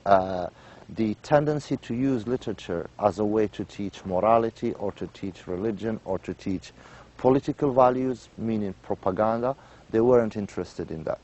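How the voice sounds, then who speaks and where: Male lecturer with a lowish voice, explaining patiently with repetition and filler pauses. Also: dark tone, highs cut off. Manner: explains by repeating points, checks in with "right?"; many "um" and "uh" pauses. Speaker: literature lecturer. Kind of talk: university lecture.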